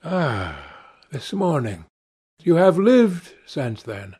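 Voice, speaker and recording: A languid aristocrat, witty and fond of epigrams, voiced by a man. He drawls slowly, with a husky tone and a lively rise and fall in pitch. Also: exaggerated voice. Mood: amused.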